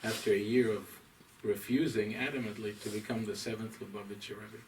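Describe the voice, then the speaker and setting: Rabbi lecturing from across a room. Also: male voice, fairly low pitch, little pitch movement. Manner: deliberate, emphatic, scholarly lecturing. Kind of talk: lecture to a small audience. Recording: distant mic, faint room noise.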